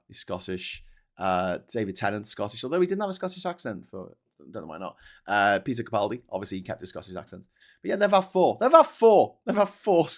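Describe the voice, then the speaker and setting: A man's voice: lowish voice, fairly bright tone. A man from Liverpool hosting a casual livestream chat, rambling and swearing often with frequent restarts. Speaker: host.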